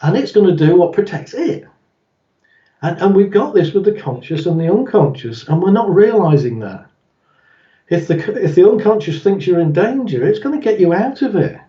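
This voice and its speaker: A man talks as an interview guest, telling little stories to explain his ideas and chuckling as he goes. His voice sits fairly high but sounds mellow and soft-edged. The recording is dull and roomy, as if the mic were across the room. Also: sing-song, moderate pace, distant mic. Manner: chuckles often, acts out quoted voices in stories.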